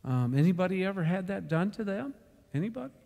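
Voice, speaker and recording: A man leading a church Bible study, telling a story and then driving home a lesson with sudden loud bursts of emphasis. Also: sits high, very animated, fast, gravelly, long reverb tail. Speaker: Bible class teacher. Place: church meeting room.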